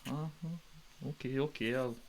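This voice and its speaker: A man's voice: medium pitch, steady tone, unhurried. Hesitant male tabletop player. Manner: hesitant, stammering. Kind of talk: tabletop game play.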